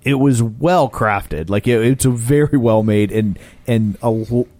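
A man co-hosting a relaxed film podcast, with a wry, joking way of talking. His voice has a middle pitch and a dry, close sound. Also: unhurried, no room sound. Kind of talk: casual movie discussion.

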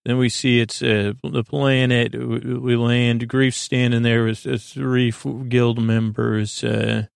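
A man with a gravelly, fry-tinged voice talks through an episode recap in a loose, rambling way, acting out bits of dialogue with plenty of fillers. His pitch stays fairly flat, and the sound is dry and close. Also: slow pace, few pauses, no room sound. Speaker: podcast host recapping a show.

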